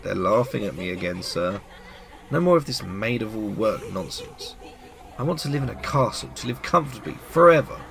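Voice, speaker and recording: A man's voice: lowish voice, animated, normal speed, creaky, fairly bright tone. A man voicing a stubborn, wishful young girl, reading game dialogue in a raised, earnest, pleading voice.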